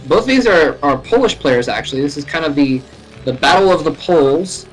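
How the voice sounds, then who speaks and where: A man casually commentating a live match from his home computer, chatty and laughing often, his voice rising sharply at exciting moments. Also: on the high side, a little fast, faint music behind, low-quality recording. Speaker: esports caster. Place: home room.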